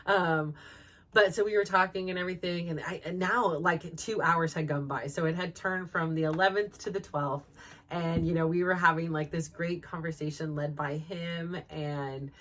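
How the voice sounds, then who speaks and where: A woman's voice: lowish voice, steady tone, normal speed, a bit bright. A woman in her forties, a podcast host telling a personal story in a rambling way, full of fillers and laughing through tears at times. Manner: rambling, full of likes and you-knows.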